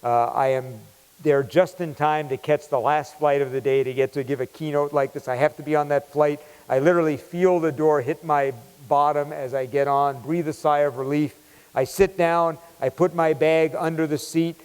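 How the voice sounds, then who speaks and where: A man giving a keynote talk, telling a story in an animated, conversational way. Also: a little high, moderate pace, smooth. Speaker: keynote speaker. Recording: long hall reverb.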